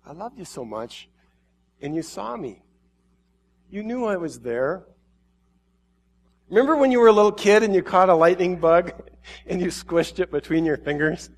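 A man's voice: medium pitch, lively intonation, takes it slowly, long pauses, a little hiss or hum. Give me a preacher playing a tender, heartbroken god pleading with his people. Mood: wistful. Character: grieving loving male god addressing humanity.

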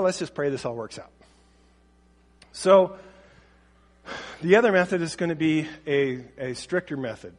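A man's voice: a little high, in a large hall. A man giving a casual talk on parenting, speaking conversationally and acting out bits of dialogue. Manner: conversational, acts out quoted dialogue. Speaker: parenting teacher.

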